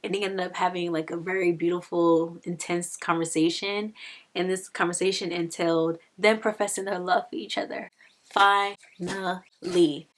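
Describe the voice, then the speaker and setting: A young woman talks through a novel's plot in a relaxed, chatty review, her voice sitting a little low. She peppers her retelling with "like" and acts out the characters' quotes as she goes. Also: normal speed. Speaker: book reviewer.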